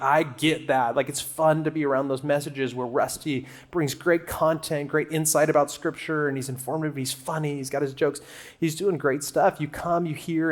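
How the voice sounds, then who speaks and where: A man preaching a conversational sermon to a church crowd, animated and joking as he talks to them. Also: mid-range voice. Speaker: guest preacher. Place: church auditorium.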